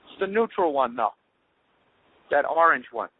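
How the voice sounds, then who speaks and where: A podcast host rides solo while driving, riffing in a profane, sarcastic ramble with a fairly high, lively voice at a measured pace. The sound is tinny and phone-like, with slight background noise.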